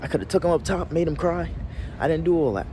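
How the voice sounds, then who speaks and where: Male vlogger, casual rambling storyteller, animated delivery, recorded outside with street noise. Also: fairly high pitch, fast talker. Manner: rambling, restarts often, slangy.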